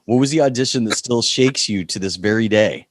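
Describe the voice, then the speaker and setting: A male host asks curious interview questions and is quick to cut in. His voice sounds dry and close, with no room around it. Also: on the low side, no echo.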